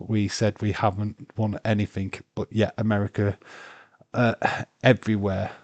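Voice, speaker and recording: A man's voice: fairly low pitch, no room sound. A man hosting a casual livestream, arguing playfully with chat viewers and laughing often. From Britain. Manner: bantering, argumentative, laughs often. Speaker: livestream host.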